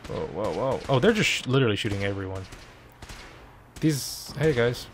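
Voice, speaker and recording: A man's voice: medium pitch, expressive, normal speed, a little hiss or hum. A young man giving chatty, casual gameplay commentary and swearing freely. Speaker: let's play host.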